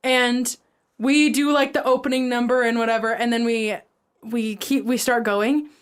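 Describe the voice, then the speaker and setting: A woman's voice: a little high, steady tone, normal speed, smooth. A young woman co-hosting a podcast, telling a rambling story full of "like" fillers in a casual chat. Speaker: podcast co-host.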